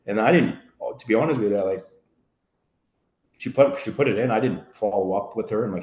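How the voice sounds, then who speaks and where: A middle-aged man on a podcast tells a casual story in a fairly low, slightly mellow voice, talking fairly quickly but with long pauses. He rambles with many fillers and acts out what his family said. The audio is dull, with a roomy echo.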